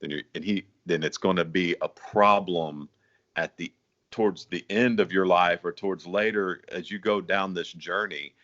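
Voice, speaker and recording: Deep-voiced man hosting a chat. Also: steady tone, moderate pace, fairly bright tone. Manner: friendly, laughs easily, agrees often. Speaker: host, bass singer. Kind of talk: casual interview chat. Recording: dull sound.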